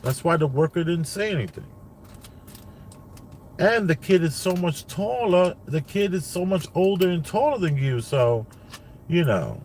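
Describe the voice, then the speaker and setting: Inside a car, a dad recounts a family tale, meandering and repeating himself with plenty of "like" and "you know." His voice sits a little high, with lively intonation, an unhurried pace and a darkish tone, plus a faint hiss or hum.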